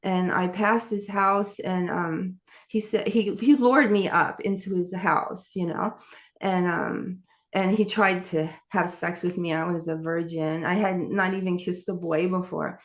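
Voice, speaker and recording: A woman's voice: fairly low pitch, fairly even intonation, measured pace. A woman telling her life story in an interview, candid and rambling, with many fillers and restarts. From New York. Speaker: author and interview guest.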